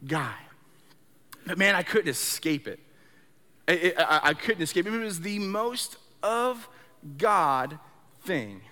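This man's testimony, given as part of a sermon, sounds like conversation: he repeats and trips over words, drifting from hushed low stretches into loud bursts of excitement. The recording carries a long hall reverb.

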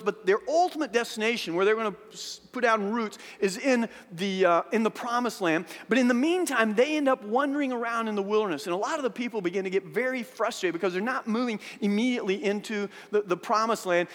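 A man preaching a sermon as a pastor, telling a Bible story with lively asides and often repeating words as he restarts sentences. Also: high voice. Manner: animated storytelling, acting out voices of biblical figures. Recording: hall with long reverb.

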